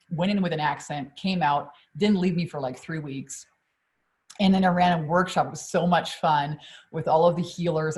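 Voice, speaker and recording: A woman business coach on a live stream, talking energetically to her audience, swearing freely and often checking in with "okay?" and "you guys". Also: lowish voice. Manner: energetic, profane, keeps addressing the audience.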